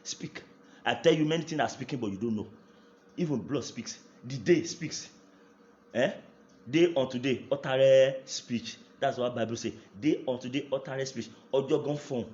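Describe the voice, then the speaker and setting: A man's voice: medium pitch, normal speed, darkish tone, reverberant, lo-fi sound. A man with a Nigerian English accent preaching a fervent prayer sermon, repeating declarations with rising intensity. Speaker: pastor.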